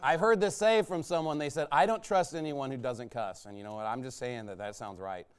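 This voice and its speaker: A man's voice: medium pitch, brisk. A male pastor preaching a fiery sermon in a combative, sarcastic way, mocking imagined critics.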